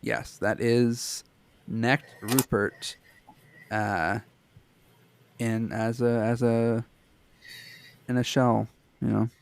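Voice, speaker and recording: A man's voice: medium pitch, fairly even intonation, extremely slow, creaky, pauses often, a little hiss or hum. A man co-hosting a podcast, chatting casually, loose and joking, with some swearing. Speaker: podcast co-host. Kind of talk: casual chat.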